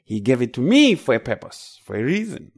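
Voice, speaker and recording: A man's voice: medium pitch, huge pitch swings, a little fast. A man with a Zimbabwean accent, from Zimbabwe, preaching a sermon with emphatic, rising declarations.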